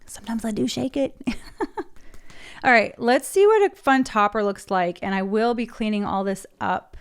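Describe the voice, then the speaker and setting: Sitting at home with a desk mic, a woman in her thirties chats through painting her nails, describing each step as she goes. Her voice is fairly high and clean in tone, and she talks a little fast.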